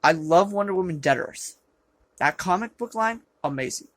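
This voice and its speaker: An exasperated film reviewer rants through a review with biting sarcasm and sudden loud outbursts. The voice is rough and sits at a middle pitch. The sound is dry and close. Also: lively intonation, moderate pace, dry recording. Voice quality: self-described rough voice. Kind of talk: ranting movie review. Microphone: low-quality camera.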